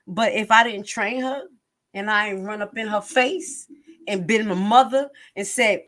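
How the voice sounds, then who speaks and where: A middle-aged woman, hosting a live stream and talking in a blunt, animated, casual way. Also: medium pitch, normal speed. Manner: blunt and animated, acts out other people's lines. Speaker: host of a live commentary stream.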